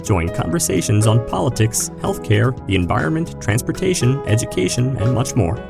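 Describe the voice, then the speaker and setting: A male podcast host narrates a scripted segment with a lively, rising and falling delivery. His voice has a gravelly edge. Music plays clearly underneath the narration. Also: mid-range voice. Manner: measured, reading from a script.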